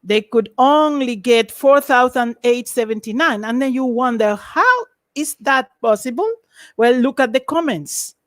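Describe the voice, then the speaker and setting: A woman lecturing in an online academic webinar, lively and emphatic, over a video call. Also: a little high, unhurried, dry recording.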